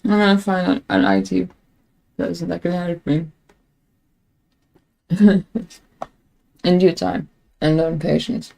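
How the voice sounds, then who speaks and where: A woman streaming live, musing aloud about her tech troubles in a slow, unhurried ramble. Her voice is dark and gravelly with plenty of fry. She keeps laughing at herself between complaints. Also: on the low side, animated, poor audio. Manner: rambling, self-mocking, laughs often; frustrated with tech. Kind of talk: casual live-stream chat.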